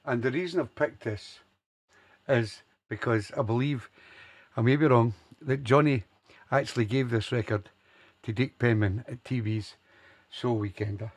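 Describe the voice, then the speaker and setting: A man's voice: mid-range voice, unhurried. An older man hosting a soul music radio show, chatting casually, passing on messages and announcing records and dedications.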